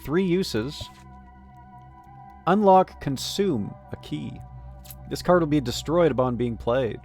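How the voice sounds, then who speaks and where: A man chats loosely on a live stream, joking with his chat and reading game text aloud. His voice sits a touch high for a man. Soft game music plays faintly underneath. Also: animated, slow pace. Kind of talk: casual live-stream chat while gaming.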